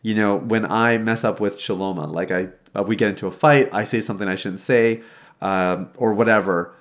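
A man in his thirties, a faith-based recovery speaker, tells his own recovery story from his old childhood bedroom. His voice is fairly low and moves at a normal speed, and he speaks reflectively and conversationally, often restarting his sentences.

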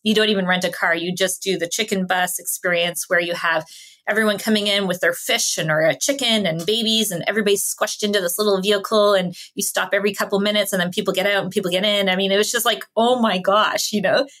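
A woman from Canada, a podcast guest telling lively travel stories and laughing along the way. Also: medium pitch, fast. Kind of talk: casual interview storytelling.

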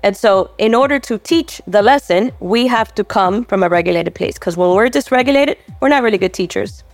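Woman expert guest, mid voice, calm explainer, dry close sound. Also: mid-range voice, a little fast, no room sound. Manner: calm, explanatory, repeats key points. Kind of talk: podcast advice talk.

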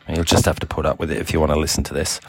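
A middle-aged man with a mix of Australian, South African and English accent, talking in a relaxed, rambling audio diary full of ums and uhs. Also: rumbling low, rapid-fire, husky. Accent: mixed Australian, South African and English. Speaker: cycling team manager.

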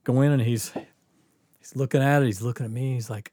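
A guest storyteller on a casual podcast briskly recounts a story from his own life in a medium-pitched voice. He animatedly acts out each person, drops to a near whisper, then rises into loud bursts of laughter, laughing often. The recording is dry and close to the mic.

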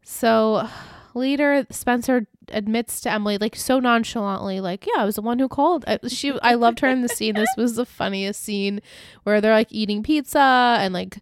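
A woman's voice: on the high side, fairly even intonation, normal speed, smooth, no echo, studio quality. A woman co-hosting a podcast, chatting casually and retelling scenes with quoted lines and laughs. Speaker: podcast co-host. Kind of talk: casual recap chat.

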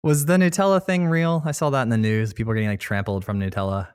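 A man hosting a casual podcast interview, chatty and quick to laugh. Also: medium pitch, steady tone, clear, resonant tone, no room sound, studio quality. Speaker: podcast host.

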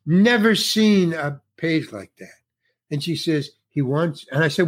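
Middle-aged male actor, lively anecdote teller, voices the other characters, slightly high and very expressive. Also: unhurried. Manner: animated storyteller who acts out the other people's lines. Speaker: actor guest. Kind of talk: conversational anecdote.

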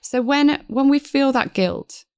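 A woman's voice: sits high, slow pace, darkish tone, no room sound, clean studio sound. A woman in her thirties, speaking earnestly and reflectively as a podcast guest. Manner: earnest, reflective, acts out inner voices. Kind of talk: conversational interview.

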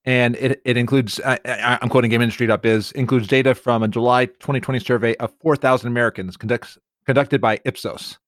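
A man's voice: medium pitch, steady tone, brisk, few pauses, no room sound. Guy co-hosting a podcast, keeps stammering and restarting, dry close sound. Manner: stammers and repeats words a lot. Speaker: co-host filling in. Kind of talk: casual chat.

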